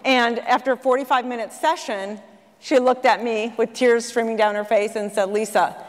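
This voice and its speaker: A middle-aged woman speaking at a conference, telling a story to an audience in a lively way and acting out the voices of the people in it. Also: fairly high pitch, moderate pace. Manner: animated, acts out quoted voices. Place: large conference hall. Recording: long hall reverb.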